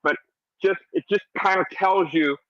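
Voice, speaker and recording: A man's voice: high voice, moderate pace, fairly bright tone, no echo. An American man joining a live audio chat as a regular listener, upbeat and earnest. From United States. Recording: dull lo-fi audio.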